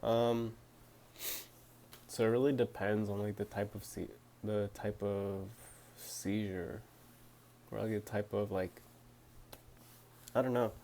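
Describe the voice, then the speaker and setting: A man's voice: lowish voice, little pitch movement, takes it slowly, pauses often, mellow, slight background noise. A young man answering viewer questions to his phone camera, talking hesitantly with lots of fillers and restarts. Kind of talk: casual talk to camera.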